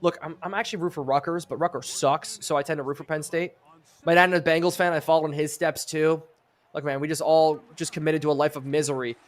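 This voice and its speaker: A man's voice: on the high side, fairly even intonation, fast. Man calling video football like a sportscaster. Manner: sportscaster-style play calling, chatting with viewers. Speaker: streamer and host. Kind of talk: live video game play-by-play commentary.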